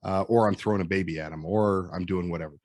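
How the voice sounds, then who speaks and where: A man in his forties with a Midwestern American accent, a firefighter and instructor telling animated stories and acting out what people said. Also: deep voice, quick pace, dry recording, studio quality. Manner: animated storyteller acting out quotes. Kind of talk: casual storytelling chat.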